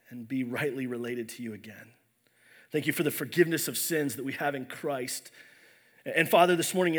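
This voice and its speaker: A man's voice: medium pitch, husky. A man preaching a sermon as a pastor in a church, earnest and storytelling with frequent restarts, while unwell.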